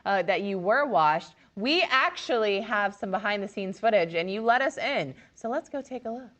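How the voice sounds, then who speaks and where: A woman's voice: mid-range voice, animated, normal speed, fairly bright tone, a little hiss or hum. A woman hosting an esports broadcast, teasing her co-host playfully.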